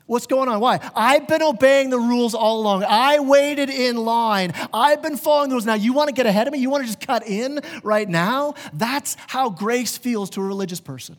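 High-voiced pastor preaching in a hall. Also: male voice, moderate pace, few pauses. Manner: earnest, conversational preaching with vivid examples. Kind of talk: sermon. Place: church sanctuary. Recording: long reverb of a large church hall.

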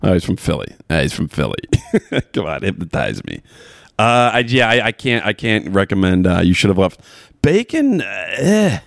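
A man with a very low, gravelly voice rambles through a casual movie chat, laughing often and swearing freely. The sound is dry and close. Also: very animated, normal speed, dry recording.

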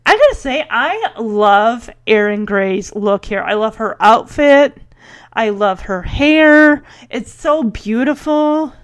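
A chatty woman with a slightly high voice recaps a TV episode in casual commentary. She talks with open enthusiasm, often says "like" and jumps into quick acted snippets of the characters' lines. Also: expressive. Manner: chatty, enthusiastic, heavy use of "like".

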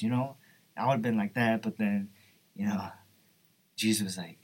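Husky young man preaching casually. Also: fairly low pitch, steady tone, brisk, pauses often. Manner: earnest, conversational, repeats "right?" and "you know". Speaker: student giving a devotional talk. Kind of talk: informal sermon.

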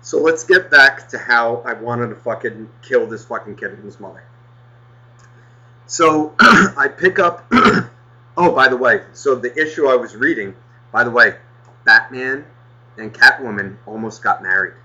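Bright-voiced man ranting profanely. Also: mid-range voice, a little slow, rough recording. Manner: profane, exasperated, heavy swearing. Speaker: podcast co-host. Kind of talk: casual storytelling rant.

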